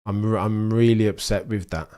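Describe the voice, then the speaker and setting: A young British man hosting a live sports watchalong, chatting with viewers and reacting to the race in a rambling, excitable way. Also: on the low side, normal speed, smooth. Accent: British English. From England. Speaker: livestream host. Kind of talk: live sports watchalong commentary, reading chat.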